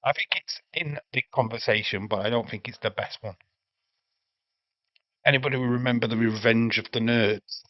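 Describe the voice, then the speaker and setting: A man's voice: mid-range voice, steady tone, moderate pace, no echo. Casting note: English male streamer, casual banter, dry lo-fi home mic. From England. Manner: chatty, reads out chat, swears freely. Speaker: livestream host. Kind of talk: casual watch-along chat.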